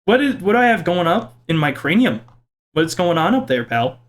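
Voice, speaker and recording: A young man casually reading out and joking about viewer comments in his video, with a playful, self-mocking manner. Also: big pitch swings. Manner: playful, self-mocking, quick swings in pitch. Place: home kitchen.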